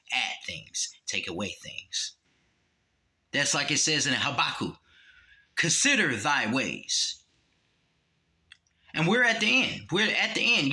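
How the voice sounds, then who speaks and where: A man giving a blunt, profane, preachy monologue, quoting scripture and swinging between raised emphasis and low, dropped-voice warnings. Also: sharp tone. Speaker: religious commentator.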